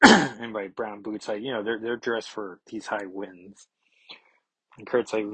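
A man's voice: on the low side, a little slow, pushed and bright, slightly rough, dry recording, low-quality recording. A man giving a casual, rambling comic book review with chatty asides and frequent fillers.

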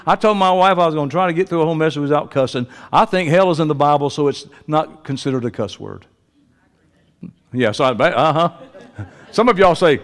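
A male pastor delivers a folksy, joking sermon, dropping to soft asides and then climbing into loud preaching. His voice sits high and moves around a great deal. The sound carries a long reverb from the church hall. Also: lively intonation, moderate pace. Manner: folksy, joking, uses y'all and ain't. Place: church sanctuary.

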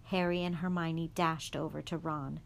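Calm woman reading a storybook aloud. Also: low voice, moderate pace, vocal fry. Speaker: guest reader.

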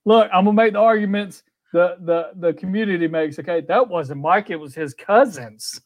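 A man's voice: high-pitched, normal speed, no room sound. A man in casual chat, throwing in crude jokes and teasing banter. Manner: profane, joking banter.

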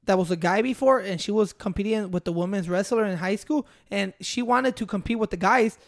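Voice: medium pitch, a little fast. Casual co-host, mid-range voice, rambling delivery mixed with Spanish fillers. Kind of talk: casual chat.

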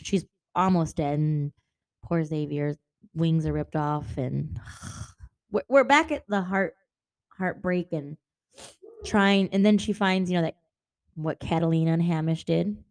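Casting: woman co-host, lowish voice, animated and profane book chatter, dry close sound. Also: a little slow, dry recording. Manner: animated, swears freely, acts out characters' lines. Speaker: podcast co-host. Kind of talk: casual book discussion.

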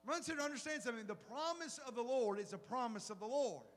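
A middle-aged man and pastor preaching a sermon, animated and full of rhetorical questions. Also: extremely high pitch, fast talker. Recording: long hall reverb.

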